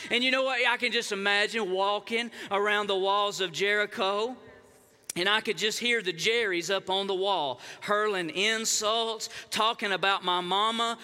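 A man's voice: sits high, pushed and bright, smooth, long reverb tail. A male pastor preaching a sermon in a church, fervent and driving, building on repeated phrases. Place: church sanctuary.

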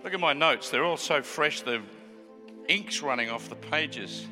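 A man in his seventies with an Australian accent, preaching as a guest pastor, joking with the crowd and rising to fervent shouts. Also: a little high, measured pace, big-room sound, music in the background. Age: 70s. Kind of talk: sermon with joking banter.

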